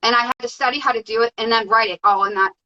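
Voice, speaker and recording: A woman guest telling her story in a casual, excited way, with many fillers. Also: fairly high pitch, racing, highs cut off. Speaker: podcast guest.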